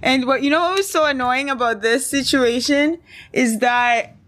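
A woman's voice: high voice, normal speed, a bit bright, no echo. A woman hosting a casual solo podcast, talking bluntly and with outrage, often breaking into laughter. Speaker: podcast host.

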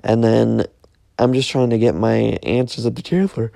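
A man's voice: mid-range voice, vocal fry, warm tone, dry recording, studio quality. A young man casually retelling a dream, rambling with lots of fillers and restarts. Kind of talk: casual storytelling, recounting a dream.

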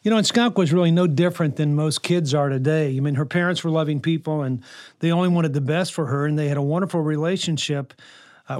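A man's voice: fairly high pitch, darkish tone, dry recording, clean studio sound. A middle-aged man hosting a podcast, giving a devotional talk in a conversational way with many fillers. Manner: conversational, with frequent fillers and restarts. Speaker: podcast host and counselor.

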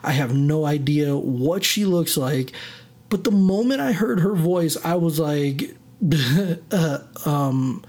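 A man's voice: a little high, expressive, takes it slowly, darkish tone. A man hosting his own podcast, telling a personal story in a rambling, self-deprecating way that keeps drifting off on tangents. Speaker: podcast host. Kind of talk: casual solo storytelling.

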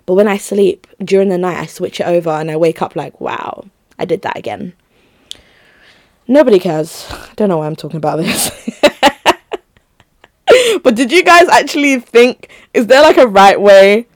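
A woman's voice: medium pitch, expressive, normal speed, no room sound. Young woman, solo podcast host, casual rambling chat, giggly, dry close mic. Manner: rambling, chatty, giggly asides.

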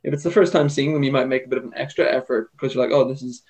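A man's voice: mid-range voice, rapid-fire, darkish tone, poor audio. A young man co-hosting a podcast, chatting casually and thinking things through aloud with lots of "like" and "I don't know". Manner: reflective, hedging with "like" and "I don't know". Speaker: podcast co-host. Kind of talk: casual chat.

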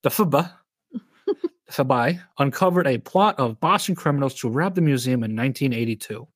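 A man hosts a podcast in a loose, jokey chat, laughing often and swearing as he reads out his notes. His pitch moves a lot and the sound is dry and close. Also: animated, fairly quick, no echo. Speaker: podcast host. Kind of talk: casual chat, reading out notes.

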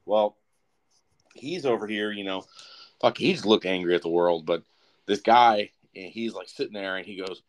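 Young male co-host, lower voice, swears freely, rambles through stories. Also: a little fast. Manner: profane, rambling, animated. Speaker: podcast co-host. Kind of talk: casual storytelling.

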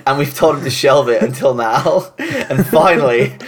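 A male podcast host trading loose banter with his co-hosts. He is chatty and laughs often, with a voice of middling pitch. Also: expressive, moderate pace, breathy edge. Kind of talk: casual banter.

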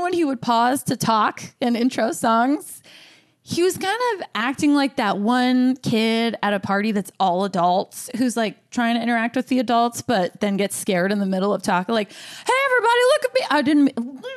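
A woman's voice: on the high side, moderate pace. A young woman doing a stand-up comedy set on a podcast, telling a story with a lot of laughter and voiced asides.

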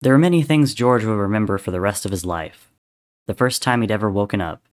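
Male storyteller, lower voice, measured dramatic reading. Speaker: narrator. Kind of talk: reading fan fiction aloud.

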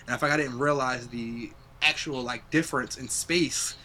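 A man's voice: medium pitch, fairly even intonation, normal speed, pushed and bright, slight background noise. A young adult man hosting a podcast, chatting casually and reflectively, swearing freely. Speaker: podcast host. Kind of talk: casual chat.

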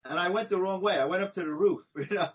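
Guy with a kinda high raspy voice spinning a story on a podcast, chatty, keeps saying right? you know?. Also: quick pace, low-quality recording. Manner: animated, chatty anecdote telling with frequent "right?" and "you know?". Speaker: podcast guest. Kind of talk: conversational storytelling.

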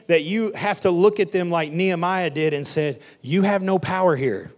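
Pastor guy preaching hard, kinda high voice, says y'all a lot, repeats lines to drive it home. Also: animated, normal speed, hardly any pauses. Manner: preaching with rising intensity, repeating lines for emphasis; colloquial Southern-church phrasing, "y'all" and "ain't". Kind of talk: sermon.

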